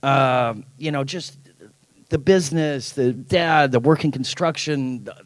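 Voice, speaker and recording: A middle-aged man, an actor at a convention panel, telling anecdotes in an animated way, acting out quoted lines and laughing often. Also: medium pitch, unhurried, no room sound.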